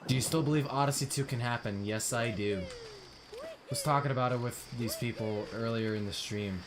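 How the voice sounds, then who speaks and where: A man's voice: mid-range voice, fairly quick, noisy background. A young man streaming a video game, chatting casually with viewers and groaning at missed jumps. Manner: relaxed chat, bursts of frustration at missed jumps. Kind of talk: casual gameplay commentary.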